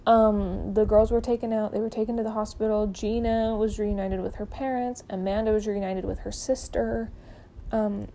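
Chatty woman podcaster, mellow voice. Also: mid-range voice, slight background noise, poor audio. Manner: chatty, peppered with "like" and "um"; acts out quoted people in her retelling. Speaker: podcast host. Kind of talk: casual true-crime storytelling.

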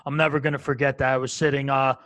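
A man in a casual sports chat, telling stories in an excitable way. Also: medium pitch, fast, no room sound. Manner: excitable storyteller.

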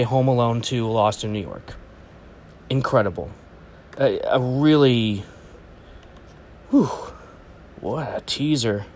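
A man hosting a comics channel, giving a casual, rambling reaction to a movie trailer with jokey asides and lots of ums. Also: medium pitch. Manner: rambling and excitable, jokey asides, many fillers.

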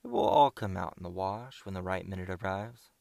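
Secretive storybook man, coaxing and airy, read by a low-voiced man. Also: expressive, a little fast, creaky, a little mellow, no room sound, studio quality. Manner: half-comical, coaxing. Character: secretive, evasive adult man companion.

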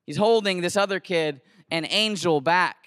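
A man who teaches, telling a story to an audience in an animated, slangy, conversational way with lots of restarts. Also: sits high, normal speed, smooth, dry recording, studio quality. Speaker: teacher and camp cabin leader.

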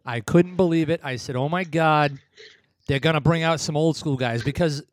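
A man's voice: a little high, normal speed, dry recording, clean studio sound. A man co-hosting a casual wrestling chat, rambling and blunt, often laughing at his own remarks. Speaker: podcast co-host.

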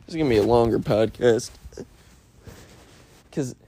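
A man runs a laid-back solo podcast, meandering, cursing, and making himself the butt of his own jokes. He talks at normal speed in a medium-pitched, dark voice with a breathy edge.

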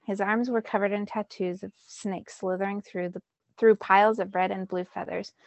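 A woman teacher reading a children's novel aloud in a steady storytelling way. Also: mid-range voice, normal speed, dry recording.

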